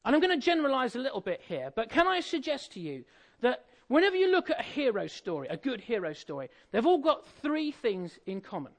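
Man, preacher, high voice, casual joking sermon, talks straight to the congregation. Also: very animated, fairly quick. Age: adult, married. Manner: conversational, jokey, asks the audience questions.

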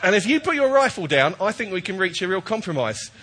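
A man doing a sly, high-pitched talking bear. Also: sing-song, fast, slight background noise, heavily acted. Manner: high shouted pleading.

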